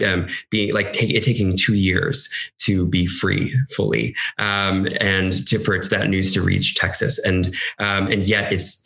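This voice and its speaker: Man, low and gravelly, halting personal storytelling with emotion. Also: a bit bright. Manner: hesitant, many fillers and restarts, emotional.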